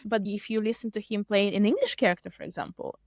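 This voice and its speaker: A woman, an English teacher co-hosting a podcast, chatting in an animated, talkative way with many "like" fillers. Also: medium pitch, quick pace, no echo, studio quality. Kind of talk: casual podcast chat.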